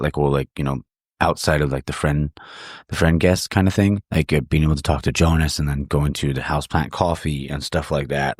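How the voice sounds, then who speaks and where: A man hosting a podcast, chatting casually and rambling, his voice hoarse from singing the night before. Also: a bass voice, dry recording, clean studio sound. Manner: rambling, laid-back, swears. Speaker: podcast host. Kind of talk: casual chat. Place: home studio.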